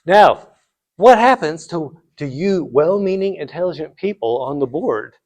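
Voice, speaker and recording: Male finance lecturer, slightly high voice, chatty and blunt, heavy on rhetorical questions. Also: lively intonation, unhurried, darkish tone. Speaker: finance instructor. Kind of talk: lecture to students.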